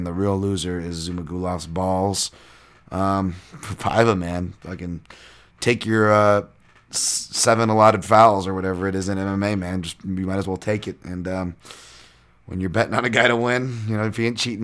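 A podcast host and fight analyst with a low-pitched, slightly bright voice casually breaks down fight results. His delivery is loose and rambling, with lots of fillers and swearing.

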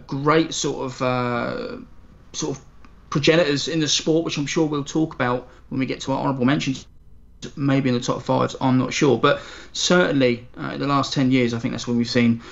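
A man, a guest on a casual sports podcast, explaining his picks in a measured, hedging way. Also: medium pitch, creaky, lo-fi sound. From Britain. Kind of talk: casual chat.

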